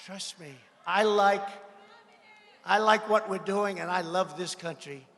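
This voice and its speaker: A man giving a campaign rally speech, boastful and mocking, repeating his phrases and often shouting to the crowd in a large venue. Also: high-pitched, unhurried, heavy background noise. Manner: frequent shouted lines to a crowd. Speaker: politician addressing a rally. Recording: long reverb of a large venue.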